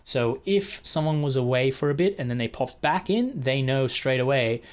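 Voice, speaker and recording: A man's voice: medium pitch, animated, normal speed, hardly any pauses, a little hiss or hum. A man teaching fellow instructors in a casual, chatty screen-share walkthrough, often checking in with "right?", recorded on a computer mic. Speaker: technical instructor training other instructors.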